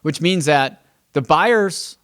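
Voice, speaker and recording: Speaking slowly yet animatedly, this man has a fairly high, bright, clear, and resonant voice as he hosts his real estate podcast. He thinks aloud in a casual, emphatic way, tripping over and repeating words, and performs the back-and-forth he's had with clients.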